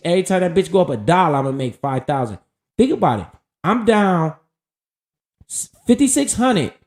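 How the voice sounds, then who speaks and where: Speaking directly to his audience as he reviews his account, a man streams hyped, profanity-laced market talk in a casual style. He has a slightly high, slightly mellow voice.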